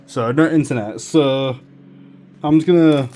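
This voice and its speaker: A man's voice: medium pitch, a little slow, mellow, soft background music. Casual gamer man explaining discs. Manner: rambling, self-correcting, casual swearing. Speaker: gaming YouTuber. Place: home room with a console and desk.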